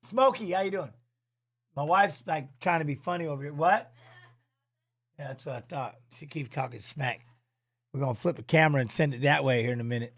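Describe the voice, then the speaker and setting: A man's voice: a little high, brisk, pauses often, fairly bright tone, dry recording. Rambling middle-aged man, dry home stream. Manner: rambling, loose, drops filler tags. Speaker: streaming host and former fighter. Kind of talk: casual livestream chat while watching fights. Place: home office.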